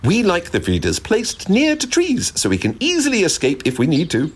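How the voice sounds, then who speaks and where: A man's voice: sits high, huge pitch swings, moderate pace, husky, pitched above the performer's own voice, exaggerated voice. A man voicing a polite, slightly nervous robin in a children's storybook.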